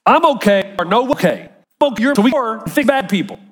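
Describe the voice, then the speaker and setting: A man preaching a sermon as a pastor, animated and acting out quoted voices. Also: high voice, fast talker, long reverb tail.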